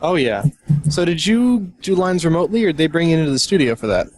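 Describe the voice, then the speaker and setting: Co-host guy, super lively voice, chatty, jumping in with questions. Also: a little high, fast. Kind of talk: casual interview chat.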